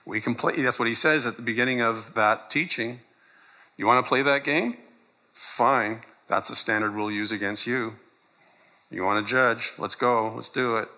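A man's voice: on the low side, sharp tone. A man preaching a sermon in a conversational way, laughing often and acting out quoted lines. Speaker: pastor.

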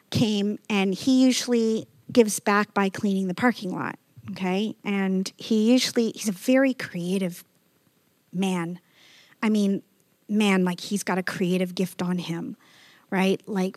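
A woman's voice: medium pitch, no room sound. A woman pastor preaching a sermon, telling stories in a conversational way and reading scripture with emphasis.

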